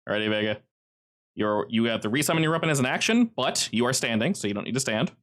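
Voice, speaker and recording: A man narrating as game master for a tabletop session over an online call. His voice sits at an ordinary middle pitch and keeps leaping up in excitement as he describes the action. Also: fast talker. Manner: lively narration with animated pitch jumps.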